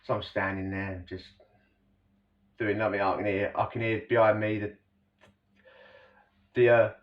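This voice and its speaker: Speaking a little slowly in a lowish, level voice, a storyteller relates a prison story in a rambling, slangy way, often turning to address the listener. The recording sounds distant, dull, and lo-fi.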